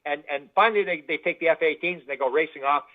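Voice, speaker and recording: A man telling stories as a guest in an interview, animated and full of restarts. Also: fairly high pitch, fast talker. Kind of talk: anecdotal interview storytelling. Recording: tinny phone-like line.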